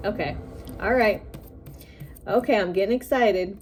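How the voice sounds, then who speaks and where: A woman's voice: medium pitch, normal speed, long pauses, darkish tone, a little hiss or hum. A woman doing a tarot reading for her viewers, chatty and musing, often breaking into giggles. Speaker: tarot reader.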